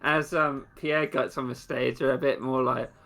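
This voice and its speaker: A man's voice: medium pitch, fairly even intonation, normal speed, creaky, a bit bright. A man narrating as game master for a tabletop game, laughing often.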